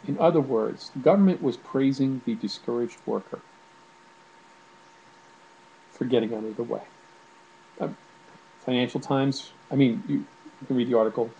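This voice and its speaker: A man's voice: medium pitch, a little fast, creaky, mellow, a little hiss or hum, poor audio. A man giving casual spoken commentary to camera at home, irritated and ranting, with many fillers and restarts. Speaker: video blogger.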